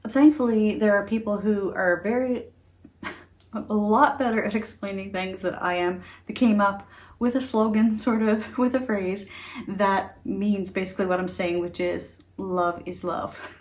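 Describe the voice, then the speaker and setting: A chatty middle-aged woman talks straight to her camera at home. She comes across earnest and laughs easily between thoughts, with a voice of ordinary pitch. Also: steady tone, unhurried, a little mellow. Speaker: beauty vlogger. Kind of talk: casual talk to camera.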